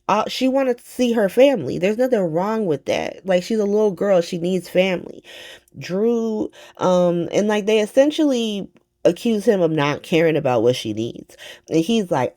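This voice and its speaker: A soap opera recap host talking casually, animated and slangy with plenty of swearing, acting out the characters' lines in quick bursts. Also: medium pitch.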